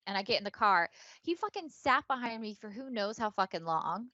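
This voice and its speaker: A woman's voice: on the high side, animated, fairly quick, a bit bright, no echo. A woman co-hosting a podcast, telling a long story in a rambling, filler-heavy way with some swearing. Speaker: podcast co-host. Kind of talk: casual storytelling chat. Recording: dull lo-fi dry sound.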